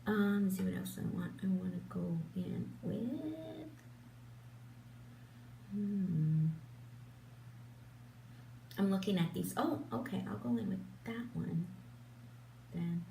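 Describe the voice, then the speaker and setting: A woman's voice: medium pitch, expressive, takes it slowly, vocal fry, pauses often, dark tone. An older woman chatting casually while doing her makeup, rambling, with lots of fillers, restarts and laughs. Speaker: beauty vlogger. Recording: roomy, distant mic, faint hum.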